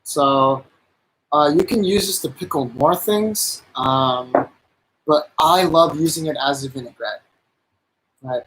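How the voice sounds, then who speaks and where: A man's voice: on the high side, slow pace, noisy background. A man casually chatting on a live stream while cooking, rambling with lots of fillers and enthusiastic about the food.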